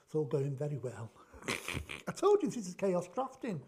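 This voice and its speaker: A man's voice: on the high side, huge pitch swings, moderate pace, gravelly, a little mellow, slight background noise. A middle-aged man hosting a chatty craft tutorial, joking and thinking aloud as he works. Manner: jokey, rambling, thinks aloud. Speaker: craft demonstration host.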